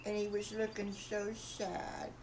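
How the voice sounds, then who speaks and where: An older woman, a grandmother telling a bedtime story in a gentle, homey, folksy way. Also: mid-range voice, steady tone, slow pace, gravelly, background noise.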